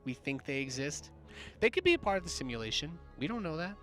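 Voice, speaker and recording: A man's voice: on the high side, big pitch swings, a bit bright. Joking male esports caster over music. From United States. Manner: joking, quick banter. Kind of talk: play-by-play commentary. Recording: music playing behind.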